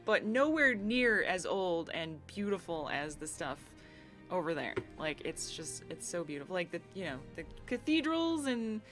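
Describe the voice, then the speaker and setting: A giggly American woman chats casually with her live-stream viewers, reading their messages aloud and riffing on them. Her pitch swoops up and down a lot. Faint game music plays quietly behind her voice. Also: big pitch swings, normal speed. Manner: bubbly, giggly, reads chat aloud and riffs.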